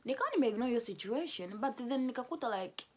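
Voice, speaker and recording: A young woman telling a personal story to camera in a casual, animated way, often laughing. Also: a little high, quick pace. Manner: animated, laughing, switches between English and Swahili. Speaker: vlogger telling her love story.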